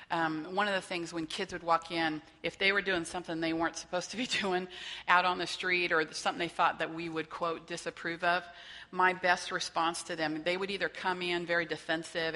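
A woman trainer speaks with a lower-pitched but bright, forward voice. She teaches a faith-based session in a loose, conversational way and keeps checking that her listeners are following. A long hall reverb trails behind her voice. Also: flat delivery, brisk. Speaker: workshop trainer.

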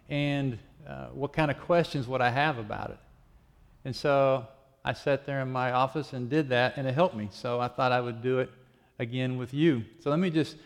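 Conversational male pastor retelling a story. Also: medium pitch. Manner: conversational storytelling with frequent restarts. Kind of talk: sermon. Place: office.

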